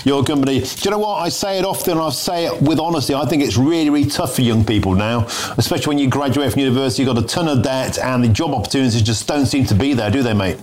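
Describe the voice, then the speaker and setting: A man's voice: medium pitch, quick pace, hardly any pauses. A British man presenting on a news channel, emphatic and matey, often repeating his words as he interviews a guest. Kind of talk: live studio interview.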